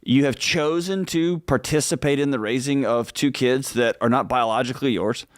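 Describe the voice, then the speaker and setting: A man talks straight and fast, answering a listener's question on a radio show. He drops into a soft, pleading hush when he plays out what the caller should say. The sound is dry and close. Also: mid-range voice, no room sound. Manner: direct, animated, acts out heartfelt pleas in a hushed voice. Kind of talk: radio advice show talk.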